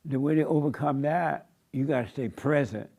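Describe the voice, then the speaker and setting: A man's voice: medium pitch, normal speed, creaky, a little mellow. A man preaching a sermon in an emphatic, repetitive cadence with folksy turns of phrase. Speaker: pastor.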